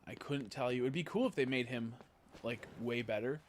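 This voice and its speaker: Dude streaming a game, mid pitch, rambly and cussing a lot, lil bit of background hiss. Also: male voice. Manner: chatty and rambling, swears often, quick excited reactions. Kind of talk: casual live-stream commentary while playing.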